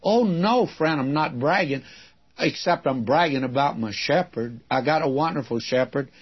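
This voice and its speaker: Older husky preacher man, lo-fi. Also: a little high, moderate pace. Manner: folksy storytelling, mimics voices in anecdotes. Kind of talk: radio Bible-teaching sermon.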